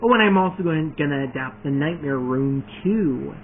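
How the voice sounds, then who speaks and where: A high-voiced man rambles eagerly through a casual vlog. He restarts sentences and leans on fillers. The sound is thin and phone-like, with a faint hiss behind it. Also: expressive, normal speed. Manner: eager, keeps adding more points. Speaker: video creator announcing his fan series.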